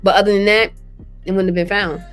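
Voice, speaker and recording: A woman speaking in an earnest, conversational way as an interview guest, at an everyday middle pitch. She tells her story in her own words and often slips into quoting what she was thinking. Soft music plays faintly behind her. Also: little pitch movement, fast talker, smooth. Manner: earnest, conversational, drops into quoted thoughts. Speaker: guest, cancer survivor. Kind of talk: candid personal storytelling.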